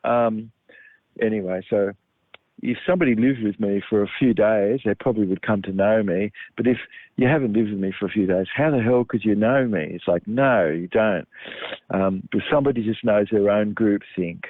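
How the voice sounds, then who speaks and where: A man's voice: fairly low pitch, fairly quick, no echo. A man giving a rambling health talk, full of ums and restarts. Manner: meandering, with many ums and restarts. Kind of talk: rambling monologue. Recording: tinny phone-like line, dry.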